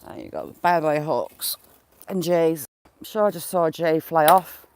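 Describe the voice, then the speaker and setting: With a darkish tone at medium pitch, this voice keeps a measured pace over slight background noise. It belongs to a smallholder doing yard chores by a field, chatting on a live stream to animals and viewers, mildly swearing, while birds and chickens are heard.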